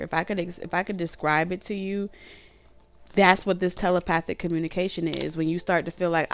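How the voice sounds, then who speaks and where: In a dry recording, a tarot reader with a low, creaky voice chats her way through a casual reading. She's colloquial and animated, laughs a lot, and slips into voices to act out what people might say.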